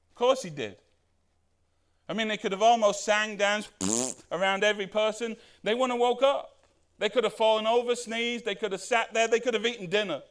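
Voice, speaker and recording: High-voiced man preaching conversationally. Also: fairly bright tone. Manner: conversational, rhetorical questions, acts out quoted lines. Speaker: pastor. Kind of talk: sermon.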